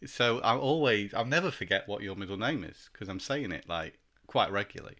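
A man's voice: on the low side, lively intonation, a little fast, bright, forceful tone. A man co-hosting a gaming podcast, chatting casually with easygoing, teasing banter. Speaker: podcast co-host. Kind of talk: casual chat.

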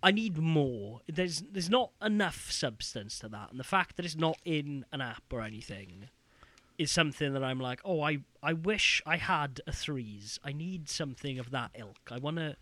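A man's voice: fairly high pitch, normal speed, no room sound. A British man co-hosting a podcast, chatting casually and ranting with lots of fillers. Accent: British English. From United Kingdom. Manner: animated, ranting, many fillers. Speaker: podcast co-host. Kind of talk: casual chat.

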